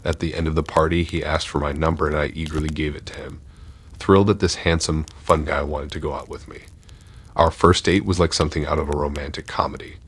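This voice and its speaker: A man giving a measured, steady first-person narration of a horror story. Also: extremely low pitch, slightly rough.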